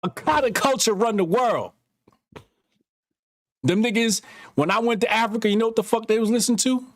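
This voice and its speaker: A man co-hosting a casual podcast, talking in a profane, animated storytelling way. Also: high voice, fairly quick, no room sound, clean studio sound. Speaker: podcast co-host.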